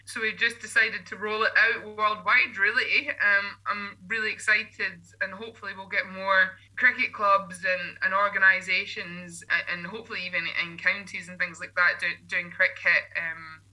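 Bright-voiced Scottish woman podcast host. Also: mid-range voice, little pitch movement, moderate pace, few pauses, low-quality recording. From Scotland. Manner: chatty, with frequent ums and restarts. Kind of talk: casual podcast chat.

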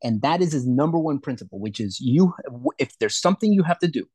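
A man's voice: mid-range voice, animated, fast talker, a little mellow, breathy edge, no room sound. A man co-hosting a podcast in casual chat, emphatic, swearing often and acting out quotes. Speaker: podcast co-host.

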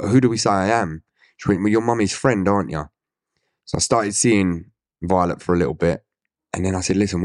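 Blunt Essex man, low dry voice. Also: no room sound. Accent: Essex English. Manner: blunt, swears, acts out quoted dialogue. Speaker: interview guest. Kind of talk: candid storytelling interview.

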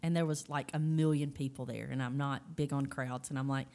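A woman sharing a personal faith testimony in a casual, animated storytelling way, acting out the voices she quotes. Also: extremely low pitch, fairly quick.

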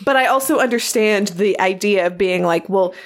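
A woman's voice: mid-range voice, moderate pace. A woman co-hosting a casual film discussion, chatty and enthusiastic with a playful edge. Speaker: podcast co-host.

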